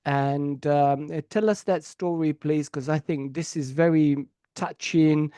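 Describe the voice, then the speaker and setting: A man's voice: fairly high pitch, fairly even intonation, measured pace, warm tone, clean tone, no room sound. A man hosting an interview, introducing his guest's story in an earnest, hesitant way. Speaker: podcast host.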